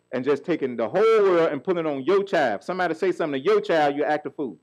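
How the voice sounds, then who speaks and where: A middle-aged pastor preaches a sermon in call-and-response style, asking the congregation questions to answer. His voice is a little high, animated, and fast with hardly any pauses, and the audio is poor.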